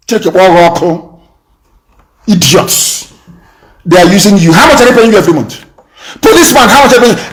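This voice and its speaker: High-voiced man issuing stern warnings. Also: rough recording. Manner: threatening, repeats his warnings over and over; swings from measured speech to shouting. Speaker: political leader addressing listeners on a live radio broadcast. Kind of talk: impassioned political speech.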